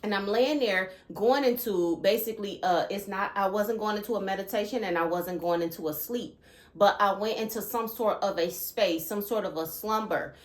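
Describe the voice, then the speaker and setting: Earnest woman vlogging, punctuating with "okay?". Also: medium pitch. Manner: repeats "okay?" often to check in with listeners; animated and emphatic when recounting disturbing thoughts. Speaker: channel host. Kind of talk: earnest spiritual vlog talk.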